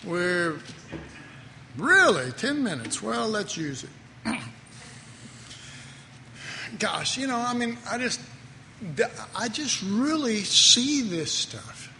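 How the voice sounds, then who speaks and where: In a reverberant hall with faint background noise, a preacher with a high, sing-song voice takes it slowly, with vocal fry, long pauses, and a pushed, bright quality. His sermon is conversational and self-interrupting, and he laughs at his own jokes.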